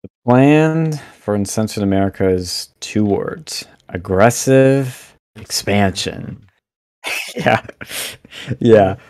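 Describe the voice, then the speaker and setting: Low-voiced young man, blunt and rambling. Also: slow, dry recording, studio quality. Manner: animated, blunt, rambling with many fillers. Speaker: podcast guest, campus event organizer. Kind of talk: casual podcast interview.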